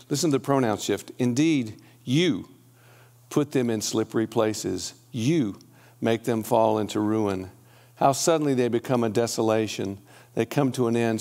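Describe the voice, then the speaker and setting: A man preaching to a church congregation, reading scripture passages aloud and then stopping to explain them in a casual, conversational way. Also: mid-range voice. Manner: conversational, with restarts and "okay?" asides to the congregation. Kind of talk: sermon.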